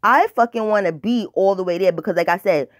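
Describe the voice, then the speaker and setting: Woman, casual storytime, blunt, profane, dramatic, rambling fillers, mid pitch, dry sound. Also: fast, no echo. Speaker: storytime vlogger.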